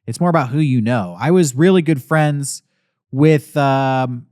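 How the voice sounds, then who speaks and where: A man's voice: mid-range voice, measured pace, dry recording, clean studio sound. A man hosting a podcast, chatting casually and reading out listener questions. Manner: relaxed, reads listener questions aloud. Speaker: podcast host. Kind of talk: casual chat.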